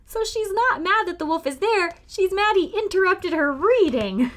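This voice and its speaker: A woman librarian reading a fairy tale aloud to young children, expressive and pausing to ask them questions. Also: extremely high pitch. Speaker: librarian storytime host. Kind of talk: children's read-aloud storytime.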